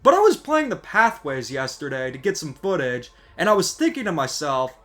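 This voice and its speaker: High, animated ranting man. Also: moderate pace, few pauses, faint music behind. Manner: exasperated and sarcastic. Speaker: gaming video creator. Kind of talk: scripted ranting commentary.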